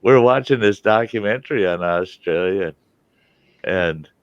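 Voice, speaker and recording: A man's voice: low voice, a little slow, smooth, dry recording, muffled recording. An older man hosting a casual chat, rambling through stories and laughing often. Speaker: host.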